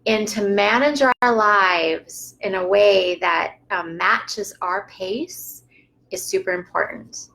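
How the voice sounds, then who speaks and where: A woman leads a live yoga and breathing session in a calm, unhurried way and often laughs softly. Her voice has a light gravelly fry at the ends of phrases. She sits at a middling pitch for a woman. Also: poor audio. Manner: calm, unhurried guidance with frequent soft laughs. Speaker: yoga teacher.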